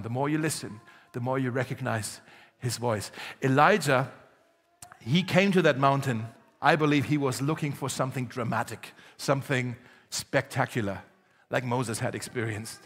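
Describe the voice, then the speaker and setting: A pastor delivers a sermon in a church hall, telling stories in a conversational way with some laughs before building to emphatic appeals. His voice is medium-pitched, with the sound of a big room around it.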